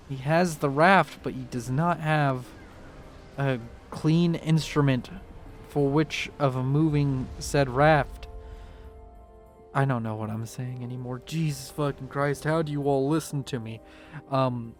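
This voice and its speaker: A man's voice: medium pitch, takes it slowly, soft background music. A man casting a strategy game in a rambling, jokey way, talking straight to the players. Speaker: game caster.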